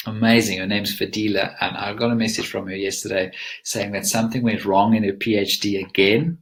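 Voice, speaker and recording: A man's voice: on the low side, fairly even intonation, normal speed, creaky, a bit bright. A man presenting a live webinar as a mindset coach, teaching in an earnest, emphatic coaching tone.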